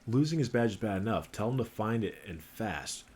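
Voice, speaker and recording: A man's voice: on the low side, animated, a little fast, a little mellow, lightly acted. A man voicing a dry, impatient detective partner who swears and is fed up. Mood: exasperated.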